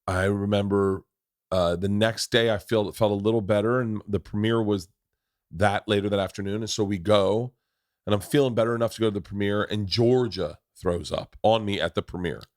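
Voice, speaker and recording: A middle-aged man hosting a podcast, telling stories in a loud, laughing, profane way. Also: fairly low pitch, steady tone, moderate pace, dry recording, clean studio sound. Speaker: podcast host. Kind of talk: casual chat and storytelling.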